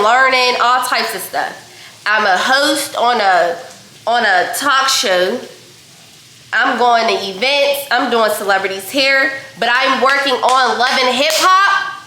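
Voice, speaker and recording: A young woman from Pittsburgh, a hairstylist, telling a story casually to her viewers while she cooks in her kitchen, chatty and animated. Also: a little high, roomy sound. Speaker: vlogger and hairstylist. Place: home kitchen.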